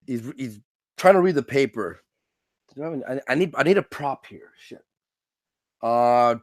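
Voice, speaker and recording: A man's voice: medium pitch, no room sound. A man talking on a stream, swearing freely and acting out little scenes with different voices. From Canada. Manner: animated, profane, acts out scenes in funny voices. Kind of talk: casual stream commentary.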